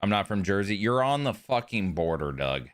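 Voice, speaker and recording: A man's voice: on the low side, sing-song, moderate pace. A man live streaming a video game, chatting with his viewers in a casual, joking way and swearing freely. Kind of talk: live stream chat while gaming.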